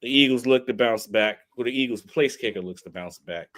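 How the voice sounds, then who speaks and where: A man's voice: mid-range voice, fairly quick, fairly bright tone, dry recording. A man co-hosting a sports podcast, talking casually with slang, laid back and teasing. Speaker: podcast co-host.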